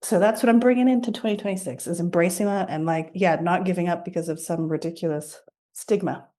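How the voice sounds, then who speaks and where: A woman's voice: fairly low pitch, brisk, dark tone. A woman on a group coaching call, talking frankly with many fillers and a defiant edge. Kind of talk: casual sharing. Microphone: video call.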